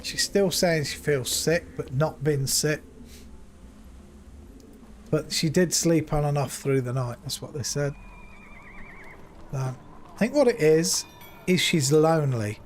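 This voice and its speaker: A man's voice: fairly high pitch, animated, slow pace, pauses often, slight background noise. Rambling man streaming from home. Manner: rambling, repeats himself, retells dialogue with "I says". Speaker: live streamer. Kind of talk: casual chat to stream viewers.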